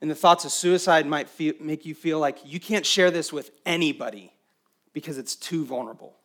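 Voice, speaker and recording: A man preaching a sermon as pastor, swinging between emphatic raised passages and quiet, intimate stretches. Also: on the high side, moderate pace.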